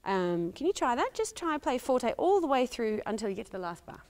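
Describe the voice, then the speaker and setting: A woman's voice: fairly high pitch, sing-song, brisk, darkish tone. A woman with an Australian accent teaching a violin master class, asking probing questions and singing phrases aloud. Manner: encouraging, questioning, sings phrases.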